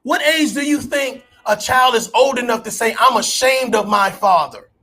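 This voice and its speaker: A man who is a parent, ranting as an online commentator to his audience, profane and incredulous, with bursts of shouting. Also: extremely high pitch, moderate pace, slightly rough. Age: adult parent. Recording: faint background music.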